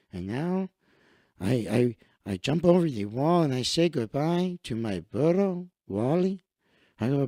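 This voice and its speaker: Man doing an earnest young Mexican footballer, put-on Mexican Spanish accent, broken English, high and lively. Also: dry recording, studio quality.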